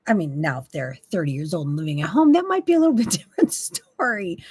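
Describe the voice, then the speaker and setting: Impassioned woman preaching with lively swings. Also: fairly low pitch, fast talker, hardly any pauses, breathy edge, dry recording. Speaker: Christian talk host. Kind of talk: faith-based monologue.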